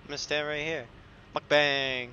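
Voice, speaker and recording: A young man streaming a video game live, chatting casually and excitedly with viewers and teammates, swearing now and then. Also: a little high, normal speed, lo-fi sound, slight background noise. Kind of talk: casual live gameplay commentary.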